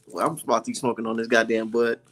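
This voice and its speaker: A man's voice: medium pitch, little pitch movement, quick pace, a bit bright. A man giving loose, profane reaction commentary, often breaking into laughter and mockery. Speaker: online commentator.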